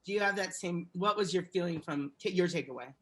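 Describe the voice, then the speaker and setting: Woman co-host, animated casual chat. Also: fairly low pitch, brisk. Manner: animated, asks co-hosts questions. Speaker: podcast co-host.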